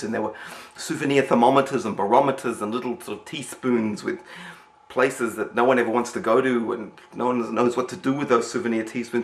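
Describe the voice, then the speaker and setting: A man's voice: mid-range voice, fairly bright tone, echoey room. A man telling a story in a rambling way, with many restarts and repeated words. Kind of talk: spoken storytelling.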